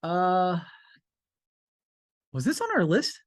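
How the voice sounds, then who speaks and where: A man co-hosting a podcast in casual chat, relaxed and thinking aloud as he explains his picks. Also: sits high, slow, dry recording, clean studio sound. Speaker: podcast co-host.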